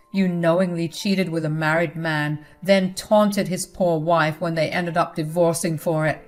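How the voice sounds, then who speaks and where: A woman's voice: on the low side, close to an everyday voice. A woman voicing an angry, betrayed middle-aged husband who speaks coldly and accusingly in a storybook narration.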